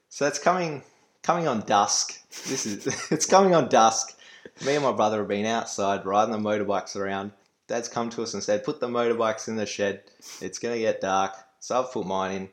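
A man's voice: on the low side, moderate pace. Man, young adult, Australian accent, podcast co-host, casual storytelling, laughs a lot. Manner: laughs often while telling stories.

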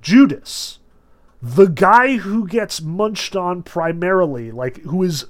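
A male literature lecturer talking through a novel. He is emphatic and animated, with sudden surges of stress and casual asides. His voice sits a bit high. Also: slow pace.

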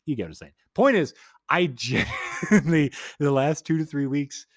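A man casually telling a story to his audience, profane and excitable, often interrupting himself mid-sentence. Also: a little high, normal speed, no room sound, clean studio sound.

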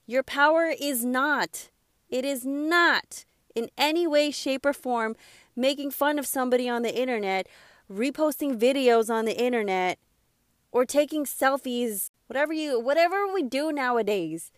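A woman's voice: high-pitched, moderate pace, dry recording, studio quality. A young adult woman delivering an impassioned motivational monologue as a self-help speaker, emphatic and preachy, swearing freely.

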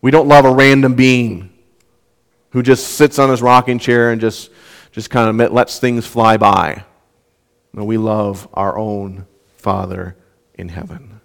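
Earnest young male preacher, smooth voice. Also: lowish voice, fairly even intonation, measured pace, pauses often. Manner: earnest, repeats words when restarting. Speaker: pastor. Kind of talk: sermon.

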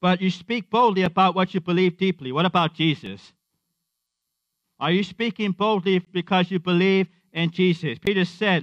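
A man's voice: high voice, moderate pace, no room sound, lo-fi sound. A man preaching a conversational sermon, repeating his refrains and acting out quotes.

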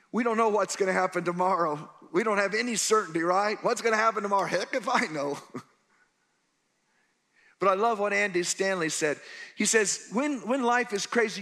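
A man preaching a sermon as a pastor, telling stories with lively character voices and shifting between shouts and soft moments. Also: high-pitched, fairly quick. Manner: animated storytelling, voicing characters.

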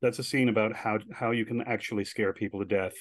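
A man's voice: on the low side, fast, dry recording. Chatty storytelling man, dry close sound. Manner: chatty, animated storyteller with filler words. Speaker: guest, director and writer. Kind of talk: casual storytelling interview.

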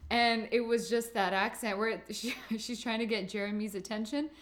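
A woman's voice: fairly high pitch, normal speed, very noisy. A woman co-hosting a podcast, chatting casually and laughing as she tells stories. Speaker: podcast co-host. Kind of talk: casual chat.

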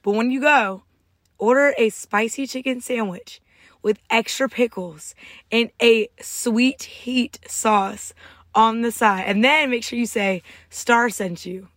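A woman's voice: a little high, takes it slowly, a bit bright, dry recording. A young adult woman co-hosting a casual podcast chat, playful and dramatic, often laughing and tossing in mock-church exclamations. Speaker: podcast co-host.

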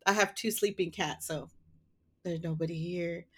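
A woman's voice: lowish voice, steady tone, normal speed, husky. A woman co-hosting a casual podcast chat, chatty and giggly, often trailing into fillers. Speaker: podcast co-host.

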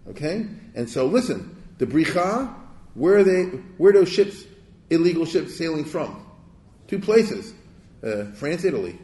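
A man's voice: on the high side, darkish tone. Digressive man lecturing in an echoey hall. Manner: conversational, with rhetorical check-ins; digressive, with restarts. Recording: echoey room.

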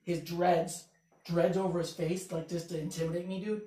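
A man's voice: high-pitched, level tone, normal speed, warm tone, distant mic. A man spins a long, rambling story about a set on stage, swearing freely and circling back to the same stock phrase. He sits away from the mic, so his voice comes back off a roomy space. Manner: rambling, profane, repeats "the next thing you know". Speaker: comedian and podcast guest. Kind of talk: casual storytelling chat.

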